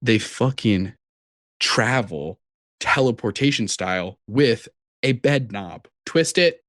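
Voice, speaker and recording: A man co-hosting a podcast, retelling a film with animated energy and plenty of swearing. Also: mid-range voice, slow pace, dry recording, clean studio sound. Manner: animated storyteller, swears freely. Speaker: podcast co-host. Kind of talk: casual chat.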